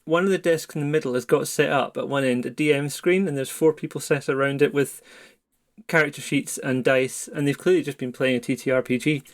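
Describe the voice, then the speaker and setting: A man running a tabletop horror game as game master, narrating in a relaxed, chatty way. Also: medium pitch, a little fast. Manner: relaxed, conversational narration with fillers.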